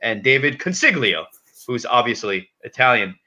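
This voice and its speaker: A man's voice: mid-range voice, sing-song, pushed and bright. A man hosting a live show over video call, upbeat and bantering. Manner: upbeat, quick plugs and banter. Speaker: host. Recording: slightly dull lo-fi sound.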